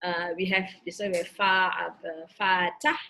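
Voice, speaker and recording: A woman teaching a recorded grammar lesson, explaining terms word by word in a halting way with frequent fillers. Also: fairly low pitch, level tone, sharp tone, poor audio. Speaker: Quranic Arabic teacher.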